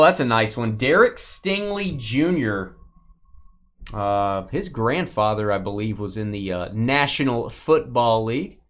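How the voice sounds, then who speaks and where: A man hosting a live sports card break, reading out names and teams in quick bursts and joking with viewers. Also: mid-range voice.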